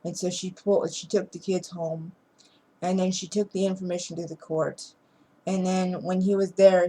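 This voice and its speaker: A woman's voice: on the low side, a little mellow, poor audio. A woman casually retelling a movie plot in a rambling way, with restarts and chuckles. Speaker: movie reviewer.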